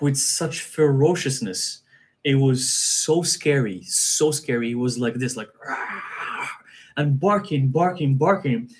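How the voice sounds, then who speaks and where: A man with a mid-range voice, appearing as a guest on a live stream, earnestly tells a personal story, often repeating himself and starting sentences over.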